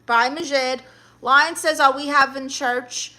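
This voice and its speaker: Sassy bright-voiced woman streamer. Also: high voice, steady tone, slow. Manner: sassy, calls people honey. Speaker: livestream host. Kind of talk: casual livestream chat reading comments.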